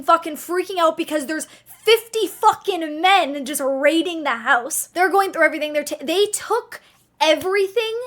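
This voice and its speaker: A young woman streamer telling a story to her chat in a casual, animated way, swearing freely. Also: very high voice.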